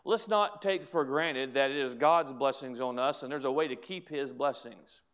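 This sermon comes from a pastor with a typical male pitch and a fairly bright, clear, resonant tone. He first reads scripture to the congregation at a measured pace, then pushes his points with mounting intensity, repeating phrases to power each appeal.

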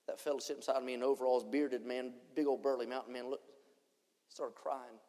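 A man preaching a revival sermon, swinging between shouted lines and hushed ones. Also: medium pitch, fairly quick. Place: church conference hall. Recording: long church hall reverb.

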